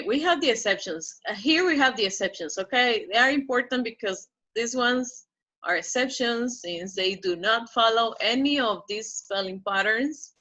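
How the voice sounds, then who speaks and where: A woman teaching pronunciation in a slow, careful pace, her voice bright and clear. She stretches out each model word and keeps checking in with her listeners. The recording sounds a little dull and lo-fi. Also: a little high. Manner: drawn-out model words, checks in with "okay?".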